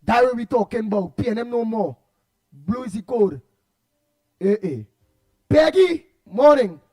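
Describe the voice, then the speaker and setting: A man's voice: very high voice, expressive, unhurried, mellow. A man with a Trinidadian accent hosting a radio show, chatting casually and reading out listener comments with laughs and repeated words.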